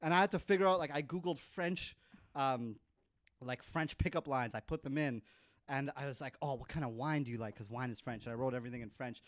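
A man from North America, around thirty, telling an embarrassing story on a podcast in a lively, joking way. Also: mid-range voice, fairly quick, no room sound. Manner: animated, laughing storyteller. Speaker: podcast host. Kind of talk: casual storytelling.

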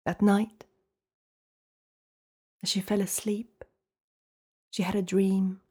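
A woman storyteller telling a folktale slowly and dramatically, often dropping to a hushed whisper. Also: medium pitch, little pitch movement, slightly rough.

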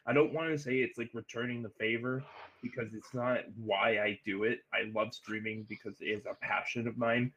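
A man's voice: medium pitch, steady tone, moderate pace, fairly bright tone. A man speaks earnestly on a casual podcast, stumbling and restarting as he goes. His voice comes through a dull, muffled call line. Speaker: Twitch streamer guest.

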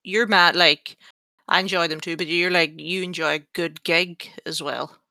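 A woman's voice: fairly low pitch, steady tone, normal speed, pushed and bright, no echo. A woman in her early thirties hosting a casual podcast chat, chatty and self-mocking, rambling with fillers. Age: early 30s. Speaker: podcast host.

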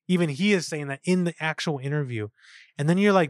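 A man co-hosting a casual film review podcast, excited and profane, acting out lines from scenes. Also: fairly high pitch, a little fast, no room sound, clean studio sound. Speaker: podcast co-host.

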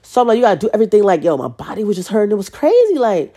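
A woman's voice: mid-range voice, very animated, rapid-fire, warm tone. A young woman hosting a podcast, rambling casually and swearing freely, full of "like" and "you know what I'm saying.". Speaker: podcast host.

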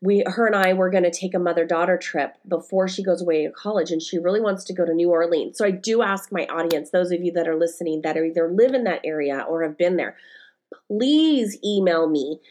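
A woman's voice: on the low side, a little fast, darkish tone. A woman in her forties hosting her own podcast, telling personal stories in a rambling, candid way with lots of fillers, close to tears as she talks. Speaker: podcast host and life coach. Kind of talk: casual solo podcast monologue.

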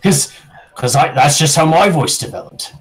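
A man's voice: a little high, lively intonation, moderate pace, over music, pitched above the performer's own voice, natural voice, low-quality recording. A man doing a hammy pirate brogue. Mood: stubborn. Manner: theatrical, stage-actor voice. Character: boastful young man in a fake pirate brogue.

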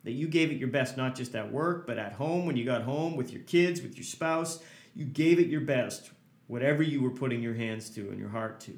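A man's voice: medium pitch, moderate pace. Earnest man coaching in a roomy space. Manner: earnest, emphatic, repeats phrases in lists. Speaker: podcast host and hockey coach. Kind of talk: motivational podcast talk.

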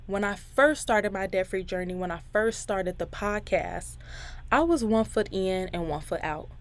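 A woman's voice: medium pitch, moderate pace. A woman in her twenties hosting a podcast, chatty and candid, talking straight to her listeners with faith-filled encouragement and laughing between thoughts. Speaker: podcast host. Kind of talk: casual podcast monologue.

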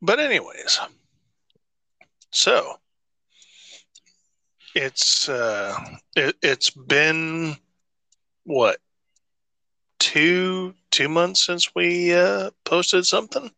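Casual podcast guy, bright tone, slow and meandering, dry close mic. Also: high-pitched, animated, vocal fry, no echo. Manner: rambling, swearing, many restarts. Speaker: podcast co-host. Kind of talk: casual chat.

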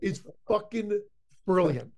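A man co-hosting a podcast in casual film talk, enthusiastic and halting as he retells favorite jokes. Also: high-pitched, lively intonation, vocal fry, a little mellow. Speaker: podcast co-host. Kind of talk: casual movie review chat.

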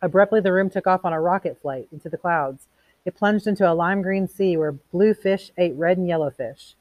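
A woman's voice: lowish voice, fairly quick, no room sound, lo-fi sound. A woman reading a novel aloud to a class, stopping now and then for casual explanations. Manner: reads plainly, stops to explain in casual asides. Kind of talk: read-aloud with commentary.

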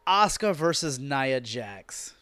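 A podcast host recaps a wrestling show as a story, in an exasperated, sweary and animated rant. His voice is medium-pitched, clear and resonant, and he speaks slowly. The recording is dry.

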